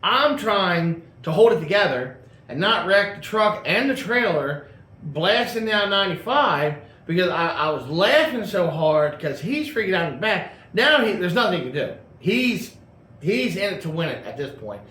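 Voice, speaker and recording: This man's voice is high and sing-song with a sharp tone, moving at normal speed. He's a host casually telling a long, rambling car story with plenty of fillers and restarts, recorded in an echoey room with faint ambience.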